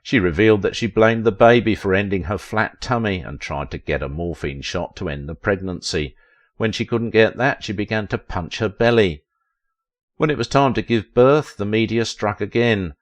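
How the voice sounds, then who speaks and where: A man's voice: lowish voice, moderate pace. A man narrating a scripted documentary in a dramatic storytelling manner, with wry asides.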